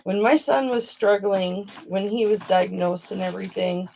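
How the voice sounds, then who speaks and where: A woman's voice: medium pitch, fairly even intonation, moderate pace, gravelly, a little mellow, a little hiss or hum. A middle-aged woman hosting a casual live stream, talking frankly and motherly to her viewers and swearing freely.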